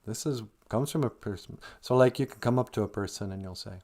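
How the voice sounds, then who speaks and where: This man talks fast in a lowish, animated voice with a darkish tone. A Minnesota native with an Upper Midwest accent, he hosts an easygoing livestream, teaching Ojibwe words and chuckling while reading viewer comments aloud.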